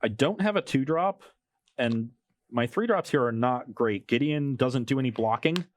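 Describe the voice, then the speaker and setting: A man playing a card game match on a show, talking through his choices in a measured, analytical way with dry humor. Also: mid-range voice, no echo. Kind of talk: casual play-along chat.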